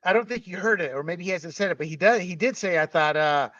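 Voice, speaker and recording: A blunt man hosting a casual panel talk show, his voice high and bright, often mocking others by acting out their voices. He sounds a little distant from a muffled microphone, in a dry room. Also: fast talker, dry recording. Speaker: podcast host.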